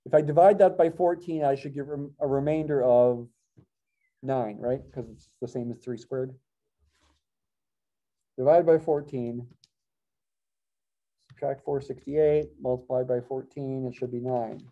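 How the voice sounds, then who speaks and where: Dark-voiced man lecturing on math. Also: medium pitch, fairly even intonation, unhurried, pauses often. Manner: thinking aloud, self-correcting, wry asides. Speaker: math professor. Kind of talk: classroom lecture.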